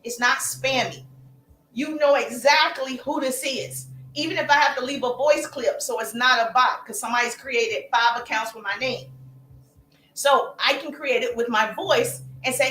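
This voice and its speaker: A woman business coach talking on a live stream, energetic and calling out her viewers by name. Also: high-pitched, moderate pace, echoey room, slight background noise, poor audio.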